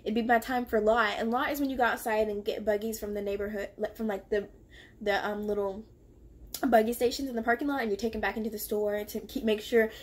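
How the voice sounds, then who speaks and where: A young woman vlogger tells a story from her own past, animated and confrontational as she acts out the lines of the people involved. Her voice is fairly high and her pace brisk.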